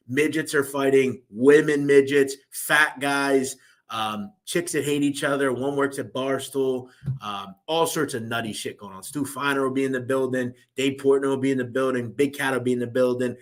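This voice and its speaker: A young host from Philadelphia, USA, with a Philadelphia accent, runs a casual live-stream, loose and rambling with lots of fillers as he reads out viewer comments. His voice is medium-pitched, steady, moderately paced, and a bit bright.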